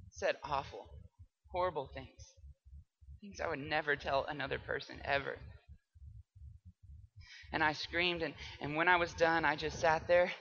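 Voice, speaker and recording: A young man delivers a memorized persuasive speech, his voice high-pitched and bright. He moves between hushed, quiet passages and loud, dramatic ones. The recording sounds dull and lo-fi. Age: young adult.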